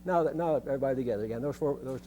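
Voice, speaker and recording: A man's voice: medium pitch, very fast, mellow, slight background noise. An older man conducting a band rehearsal, giving instructions and singing rhythms on short syllables, often repeating his phrases.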